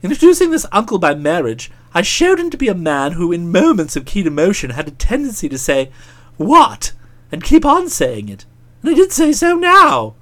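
A woman narrating a comic audiobook in a brisk, expressive storytelling manner. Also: lowish voice.

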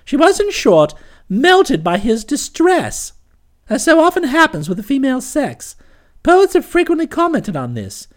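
A woman narrating a comic novel as an audiobook, with expressive, lively storytelling. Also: high voice, measured pace.

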